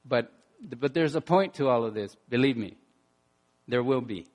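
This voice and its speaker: A man preaching a sermon in an animated way, dropping to quiet asides and rising to loud bursts, often repeating words as he restarts. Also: medium pitch, moderate pace. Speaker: pastor.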